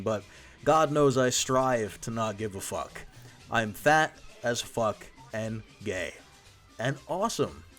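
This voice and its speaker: A young man doing profane, joking gameplay commentary as a voice-over, laughing at his own gags. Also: mid-range voice. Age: young adult. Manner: crude, profane and irreverent. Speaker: video essay host.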